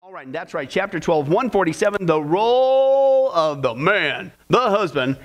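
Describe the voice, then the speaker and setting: Man, fairly high voice, casual Bible class teacher, folksy, dry sarcasm. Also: very animated, normal speed, muffled recording. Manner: sarcastic, folksy, chuckling asides.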